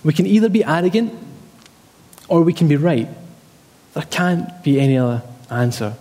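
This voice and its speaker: A man's voice: on the high side, lively intonation, normal speed, dark tone, in a large hall. A man preaching a sermon emphatically, repeating key phrases and telling personal stories.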